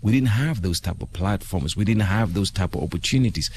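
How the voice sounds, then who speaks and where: A man's voice: lowish voice, a little hiss or hum. A man who is a trauma counselor, speaking earnestly as a guest on a late-night radio talk show. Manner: earnest, measured, speaks of faith.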